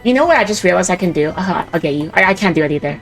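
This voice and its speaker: A woman's voice: lowish voice, lively intonation, racing, over music. A woman playing a game with a friend, chatting casually and giggling often. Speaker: co-op player. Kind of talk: casual gaming chat.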